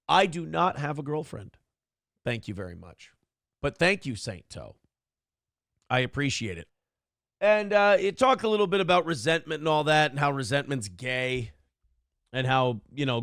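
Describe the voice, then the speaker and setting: A man's voice: mid-range voice, gravelly, fairly bright tone, no echo, studio quality. A man hosting a live stream, ranting combatively and profanely at his chat, boastful and blunt. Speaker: streamer and show host.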